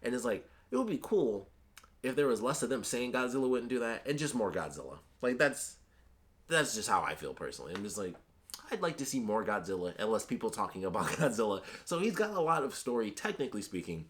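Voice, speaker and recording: A man's voice: medium pitch, very animated, brisk. A man giving a casual, chatty movie review, talking animatedly with lots of filler words.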